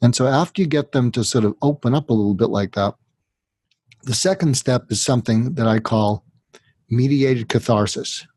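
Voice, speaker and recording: A man with a husky, slightly breathy voice walks through his method as a psychiatrist being interviewed. He builds it up step by step and sometimes slips into the words a distressed patient might use. The sound is dry and close, with no room around it. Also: mid-range voice, normal speed, darkish tone, no echo. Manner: teaching step by step, acts out what a patient would say. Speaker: psychiatrist guest. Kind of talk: explanatory interview talk.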